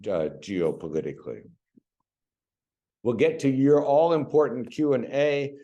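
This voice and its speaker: A man's voice: lowish voice, warm tone. A middle-aged American man giving a chatty public lecture as a university professor, coaching the audience on pronunciation. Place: lecture venue.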